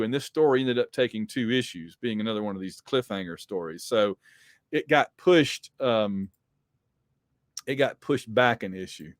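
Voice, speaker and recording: A podcast host with a mid-range voice reads comic books aloud, adding chatty, wry commentary and asides with plenty of filler words. The sound is clean studio audio with no echo.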